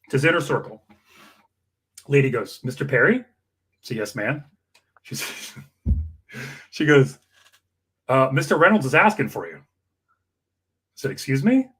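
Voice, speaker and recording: Animated husky man telling a story. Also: mid-range voice, unhurried, long pauses. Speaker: campaign worker guest. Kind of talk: storytelling anecdote.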